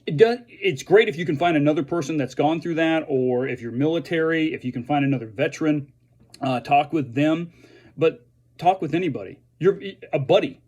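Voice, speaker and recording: A man who is a veteran speaks earnestly and haltingly to fellow veterans, restarting his sentences often. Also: on the high side, darkish tone. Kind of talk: earnest direct-to-camera message.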